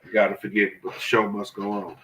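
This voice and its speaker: A man's voice: fairly low pitch, completely flat delivery, fast, a bit bright, echoey room, far from the mic, rough recording. Laid-back man with stuffy sinuses. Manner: laid-back slang-heavy banter, "you know what I'm saying". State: congested from sinuses. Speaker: podcast co-host. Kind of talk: casual chat.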